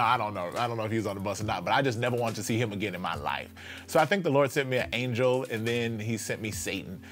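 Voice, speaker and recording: A man who is a pastor, telling a story in a lively, dramatic way and dropping to a quiet intensity for his point. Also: medium pitch. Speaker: pastor and speaker. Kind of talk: animated storytelling talk.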